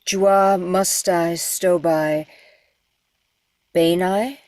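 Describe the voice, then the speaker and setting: A woman's voice: fairly low pitch, steady tone, very slow, a little mellow, no room sound. A woman voice actor in a recording session, carefully repeating invented words after the director. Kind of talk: recording session chat and pronunciation practice. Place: recording studio.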